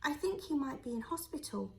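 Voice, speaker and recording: A woman voicing a timid, wary small boy who answers quietly and hesitantly. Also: high voice, animated, a little fast, creaky, recorded from a distance, slight background noise.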